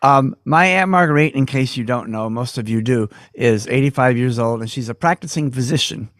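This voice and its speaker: A man's voice: medium pitch, normal speed, a bit bright, no room sound, clean studio sound. Folksy man telling a story over video call. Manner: folksy, digressive, playful asides. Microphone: webcam mic on a video call.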